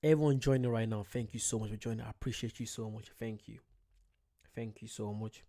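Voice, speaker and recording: A man's voice: on the low side, fairly even intonation, brisk, mellow. A man from the UK, hosting his first live stream, chatting casually and greeting viewers by name. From United Kingdom. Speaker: channel host. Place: at home late at night.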